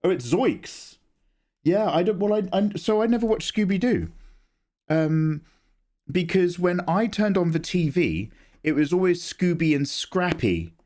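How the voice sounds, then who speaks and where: A young man talks through a live stream from home in a chatty, rambling, jokey way. His voice sits a little high for a man and bounces around a lot, picked up close on a desk mic. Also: lively intonation, measured pace, a little mellow. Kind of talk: casual live-stream chat.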